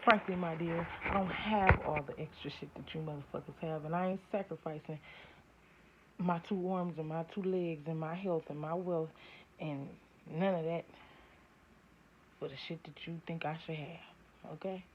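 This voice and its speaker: A woman gives a casual spiritual tarot reading, speaking bluntly and profanely and often building into heated rants. Her low voice has fairly even intonation and a moderate pace, in dull lo-fi audio with faint hiss.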